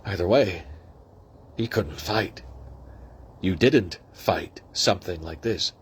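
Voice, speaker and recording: A man casually reading a novel aloud, who breaks off into excited asides. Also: deep voice, slow, a little hiss or hum. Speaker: reader.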